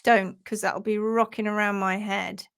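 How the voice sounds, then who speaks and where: A woman hosting a casual live stream about horse care, chatting and reading out viewer comments in a lively, animated way. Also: medium pitch, moderate pace, smooth, no room sound, clean studio sound. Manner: chatty and animated, laughs easily, acts out quotes in funny voices.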